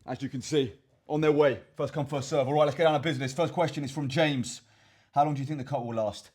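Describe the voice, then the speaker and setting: English fitness guy talking fast, kinda husky, rambles and repeats himself a lot. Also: mid-range voice, steady tone, darkish tone. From England. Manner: rambling, repeats words, addresses viewers as chaps. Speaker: fitness coach and vlogger. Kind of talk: casual Q and A to camera.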